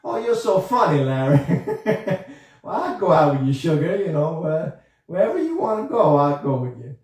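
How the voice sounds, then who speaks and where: A man's voice: fairly high pitch, big pitch swings, normal speed, a little mellow. A man voicing a passionate female ballerina puppet in a flirty, gushing way. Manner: flirty, gushing, says sugar. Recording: echoey room, voice far from mic.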